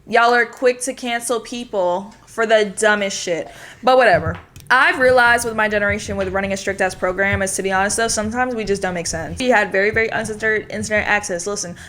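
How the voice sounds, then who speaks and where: A woman's voice: fairly high pitch, pushed and bright. A young adult woman giving a casual commentary rant, blunt and sarcastic, swearing freely. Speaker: commentary vlogger.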